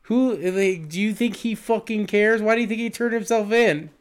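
Excitable, swearing young man with a clear, higher voice. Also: moderate pace. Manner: excitable, swears a lot, lots of "like". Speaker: podcast co-host. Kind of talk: casual movie review chat.

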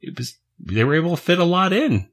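A man's voice: a little high, big pitch swings, brisk. A man hosting a cartoon podcast, chatting casually and laughing often. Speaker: podcast host. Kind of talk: casual chat.

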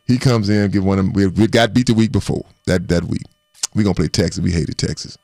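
A man, a former football player, co-hosting a casual sports talk show and telling animated stories from his playing days. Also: sits low, moderate pace, gravelly, no echo, clean studio sound. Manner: animated storyteller, acts out quotes.

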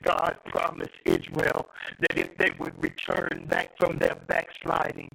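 A man's voice: a little high, wildly swooping pitch, a little slow, gravelly, a bit bright, low-quality recording. A man preaching a prophetic sermon with rhythmic repeated phrases, breaking his lines with "uh" and "hallelujah".

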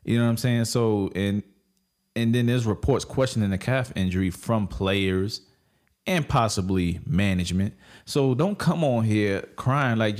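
Low-voiced blunt man talking sports. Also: a little slow, darkish tone. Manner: casual, slangy, blunt. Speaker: sports talk co-host. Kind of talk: casual opinionated sports talk.

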